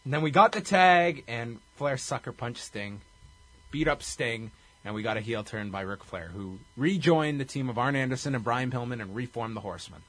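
Husky-voiced man recapping in detail. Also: mid-range voice, animated, normal speed, a bit bright. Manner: recaps events in detail, briefly acts out quotes. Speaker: podcast host. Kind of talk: casual chat.

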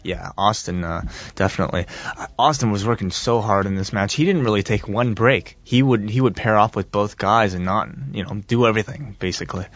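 A man's voice: on the low side, brisk, few pauses, no echo, lo-fi sound. A man co-hosting a casual chat, agreeable, adding short remarks. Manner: agreeable, short backchannel replies. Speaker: podcast co-host.

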